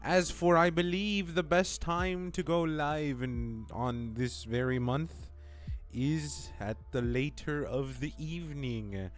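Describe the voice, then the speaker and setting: A man's voice: fairly high pitch, takes it slowly, faint music behind. A young man casually chatting with his stream viewers, rambling and playful. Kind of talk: casual live-stream chat.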